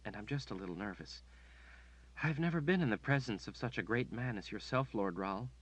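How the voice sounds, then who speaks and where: A man voicing a soft demure duchess. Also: mid-range voice, animated, brisk, husky, voice pushed up, poor audio. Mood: demure, flattering. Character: soft-spoken noblewoman, demure and flattering.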